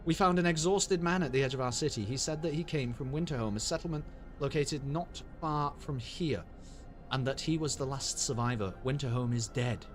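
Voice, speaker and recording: A man's voice: fairly high pitch, moderate pace, faint music behind. A British man streaming a game, chatting in a casual, sweary and wry way while he laughs along. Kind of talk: casual gameplay commentary.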